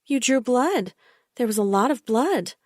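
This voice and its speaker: A woman narrating an audiobook voices a cloying, controlling woman, pitching above her own voice into a fairly high, darkish, animated tone at an unhurried pace. The character sounds sickly sweet, syrupy, condescending and soothing, and the recording is dry with clean studio sound.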